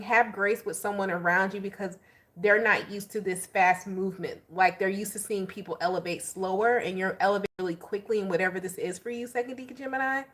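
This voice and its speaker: A woman giving a casual tarot reading to her viewers, chatty and animated, with slangy asides. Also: mid-range voice. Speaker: tarot reader.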